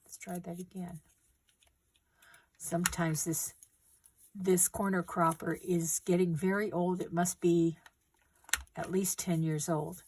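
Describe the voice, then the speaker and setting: Working with her hands at the table, a middle-aged woman hosts a craft tutorial, giving gentle, unhurried step-by-step instructions for a paper craft. Her voice is slightly low, and a faint hiss sits in the background.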